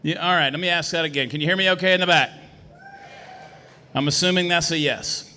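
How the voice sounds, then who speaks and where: High, bright-voiced man giving a speech. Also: a little fast. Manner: emphatic, rousing, repeats phrases for effect. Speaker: political candidate. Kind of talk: campaign speech. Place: brewery meeting room. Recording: echoey hall.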